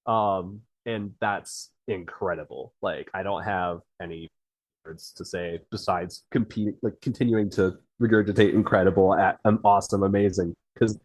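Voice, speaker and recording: A man's voice: low-pitched, fairly even intonation, moderate pace, husky, no room sound, rough recording. A man who writes fiction, a guest on a podcast, talking in a rambling way with many fillers. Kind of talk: casual interview chat.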